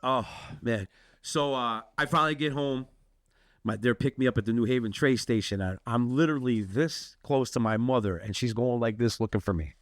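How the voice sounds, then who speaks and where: A man's voice: mid-range voice, fairly quick, dry recording. A man co-hosting a podcast, telling a story in casual chat, acting out the people in it and swearing freely. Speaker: podcast co-host.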